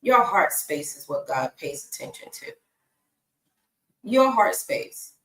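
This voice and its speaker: Lively woman in an echoey room. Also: lowish voice, slow, recorded from a distance. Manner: conversational, talks to her dog between points. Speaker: inspirational speaker. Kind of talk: casual faith talk. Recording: echoey room, away from the mic.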